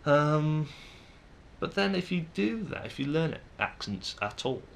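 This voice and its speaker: A man's voice: fairly high pitch, very animated, measured pace, vocal fry, a little hiss or hum. A young man with a Manchester English accent, musing aloud to camera in a casual vlog, hesitant and full of ums and restarts. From England. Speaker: vlogger.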